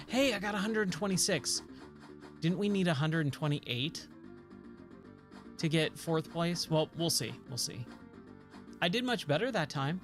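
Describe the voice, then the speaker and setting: Rambling, slightly high-voiced man in his thirties, casual gaming chatter over music. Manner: rambling, chatty, easily sidetracked. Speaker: streamer playing arcade games. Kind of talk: casual chat while gaming. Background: game music.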